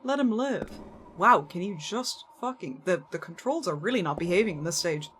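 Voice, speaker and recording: With a lowish, somewhat bright voice and animated delivery at a normal pace, a woman streams a horror game against slight background noise. She keeps up live commentary, cracking jokes, swearing offhandedly and talking back to the characters.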